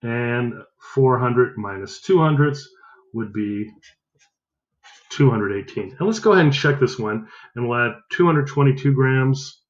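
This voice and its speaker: A man's voice: medium pitch, unhurried, dull audio. A male math teacher giving a recorded lesson, upbeat, counting aloud and correcting himself as he goes.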